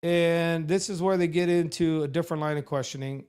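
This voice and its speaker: Sarcastic animated man commentating. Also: a little high, fairly quick, clean tone. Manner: sarcastic, animated, mocking impressions. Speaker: show host reviewing a debate. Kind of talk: casual commentary to a live chat.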